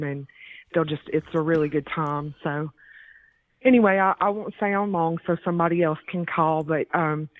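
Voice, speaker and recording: Caller, female, flat, earnest, phone-line quality. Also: deep voice, dry recording. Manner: earnest, halting, polite. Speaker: call-in listener. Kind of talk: phone call to a radio show.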